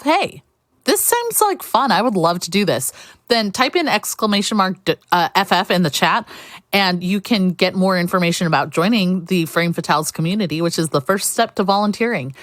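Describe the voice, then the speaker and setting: A woman hosts a live charity speedrun marathon with a lowish voice. She keeps up an upbeat, chatty flow as she reads out donations. The sound is dry and close, with no room around it. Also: fairly bright tone, no echo. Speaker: marathon host. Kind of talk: live charity stream hosting.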